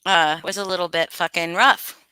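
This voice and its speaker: A woman's voice: lowish voice, fairly even intonation, normal speed, bright, forceful tone, clear, resonant tone, dry recording. A woman hosting a casual livestream, greeting chat names and swearing freely. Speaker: livestream host.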